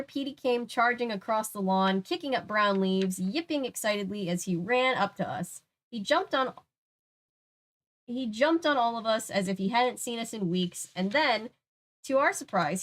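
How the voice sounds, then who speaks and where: A woman's voice: a little high, lively intonation, normal speed. A woman reading a children's horror book aloud, adding casual chatty asides. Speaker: book reader.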